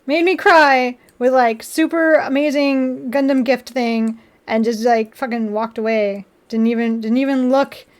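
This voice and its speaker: A woman's voice: high-pitched, steady tone, measured pace, few pauses. A woman chatting casually on a live stream while building a model kit. She laughs often and swears freely. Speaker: livestreamer building model kits.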